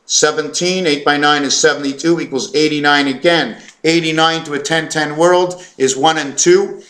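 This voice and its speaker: A man's voice: a little high, steady tone, fairly bright tone. A man talking to camera in a rambling monologue, stumbling over his words, correcting himself and reeling off long strings of numbers. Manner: hesitant, stumbling, full of fillers and self-corrections; fast, run-on counting and reciting of numbers. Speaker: vlogger.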